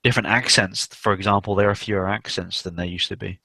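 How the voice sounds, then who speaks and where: A man's voice: lowish voice, fairly even intonation, fast talker, gravelly, pushed and bright, no echo. A young man hosting a casual livestream chat, rambling and swearing, with many fillers. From South West England. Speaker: stream host.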